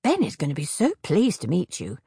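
A woman voicing an odd, talkative female hag from a storybook, rattling off brisk asides, with a gravelly, husky voice. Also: low voice, huge pitch swings, warm tone, dry recording, studio quality, full character voice. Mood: breezy.

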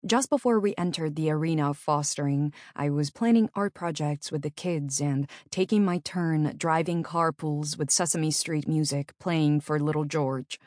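Low-voiced woman reading her memoir. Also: darkish tone, dry recording, studio quality. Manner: earnest, measured storytelling. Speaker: memoir narrator. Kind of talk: audiobook memoir narration.

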